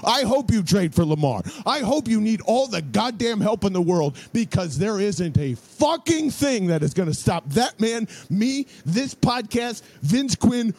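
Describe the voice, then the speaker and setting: A man's voice: high-pitched, very animated, normal speed, hardly any pauses, darkish tone, no echo. A man co-hosting a sports podcast, talking in a heated, profane rant. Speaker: podcast co-host.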